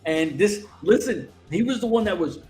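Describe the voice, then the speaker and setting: A man co-hosting a casual wrestling chat show, telling stories in an animated, excitable way with plenty of swearing. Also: high voice, moderate pace, echoey room, soft background music. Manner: animated, profane, excitable storytelling. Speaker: co-host.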